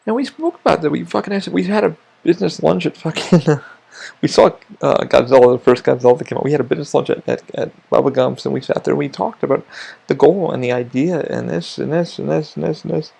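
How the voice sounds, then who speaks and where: A podcast host rambles through a casual monologue at a rapid clip. His voice is heavily gravelly with a husky, raspy edge. He swears freely and keeps restarting his sentences. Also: on the high side, mellow.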